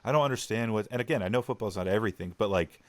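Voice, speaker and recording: A young man co-hosting a casual podcast chat, animated and mocking others in put-on voices. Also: lowish voice, rapid-fire, background noise. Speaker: podcast co-host.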